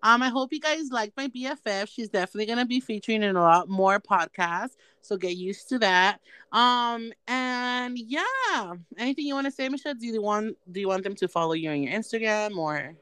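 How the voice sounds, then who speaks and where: A woman's voice: on the high side, brisk, bright, forceful tone, clear, resonant tone, dry recording. A young woman hosting a podcast, chatting casually with crude, laughing banter. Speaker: podcast host. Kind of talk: casual chat.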